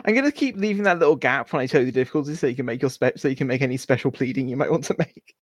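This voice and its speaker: A man's voice: medium pitch, lively intonation, racing, no echo, clean studio sound. A man narrating as game master in a casual, rambling way, full of "like" and filler words. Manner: rambling, filler-heavy, giggly.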